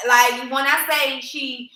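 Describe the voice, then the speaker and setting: A woman co-host talks through a personal story in casual, emphatic chat, often turning to her listeners directly. Her voice is bright and sits a little high. The room around her rings with echo. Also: slow. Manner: animated, emphatic, addresses listeners as y'all. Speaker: podcast co-host. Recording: echoey room.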